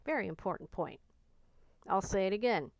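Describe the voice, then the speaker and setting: A woman's voice: medium pitch, expressive, normal speed, dry recording, rough recording. A woman talking candidly and earnestly in a personal vlog, reflecting on her own reactions and on learning to be patient with herself. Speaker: vlogger.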